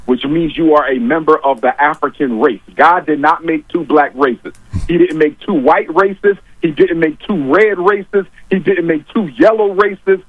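A man's voice: a little high, slightly rough, no room sound. A man arguing his points emphatically on a talk show, repeating key lines for weight. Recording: dull, dry lo-fi audio.

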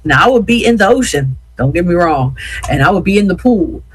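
Husky-voiced chatty radio host. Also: medium pitch, animated, brisk, poor audio. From Yeadon, Pennsylvania. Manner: chatty, repeats words, addresses listeners as y'all. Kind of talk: casual chat with listeners.

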